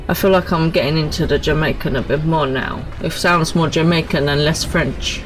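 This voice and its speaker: A woman chats casually with her viewers as she plays a game on stream. She talks in quick, friendly asides. Soft game music runs faintly in the background. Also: sits low, poor audio. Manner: chatty, quick asides with laughs. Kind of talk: casual live-stream chat.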